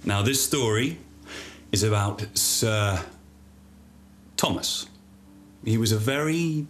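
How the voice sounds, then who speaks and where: A man with a fairly low voice tells an improvised children's story. He rambles, hesitates and restarts playfully, with a faint hum behind him. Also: lively intonation, slow pace, pauses often.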